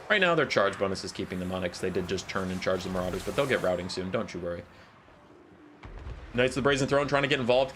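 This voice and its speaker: A man casting a live strategy game match, calling the action in quick play-by-play and joking with his chat. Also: on the low side, fairly bright tone, a little hiss or hum. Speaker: esports caster.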